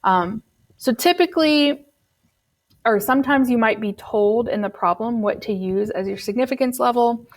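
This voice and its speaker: A woman's voice: fairly high pitch, normal speed. Patient woman teaching a statistics lesson. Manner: patient, explanatory, uses fillers like um. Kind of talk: recorded classroom lesson.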